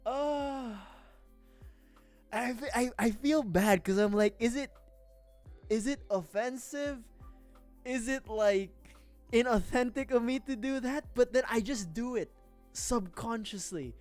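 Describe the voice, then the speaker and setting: A woman's voice: a little high, slow pace, long pauses, a little mellow, soft background music. A woman streamer chatting casually on a livestream, rambling, with frequent laughing fits and restarts. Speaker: VTuber streamer. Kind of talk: casual livestream chat while building a model kit.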